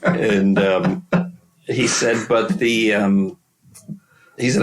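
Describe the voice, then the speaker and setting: A deep-voiced American man from the Midwest answers interview questions. He tells his stories haltingly, with many restarts and frequent laughter, in a relaxed, casual way. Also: low-quality recording. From Wisconsin, USA. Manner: halting, laughs often while telling stories. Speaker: guest screenwriter and novelist.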